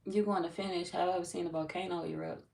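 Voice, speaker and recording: A woman's voice: on the low side, fairly even intonation, fast, vocal fry, darkish tone, far from the mic. A woman reading tarot on a livestream, chatting loosely with viewers, reading their comments aloud and laughing often. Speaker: tarot reader greeting live chat. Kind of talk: casual livestream chat.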